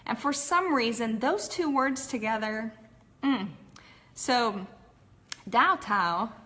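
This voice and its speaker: Bright-voiced chatty Texan woman. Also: fairly high pitch, expressive, slow pace. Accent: Texas. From Texas, USA. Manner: chatty and candid, with frequent "like" and "um". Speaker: personal storyteller. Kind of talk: casual personal story talk.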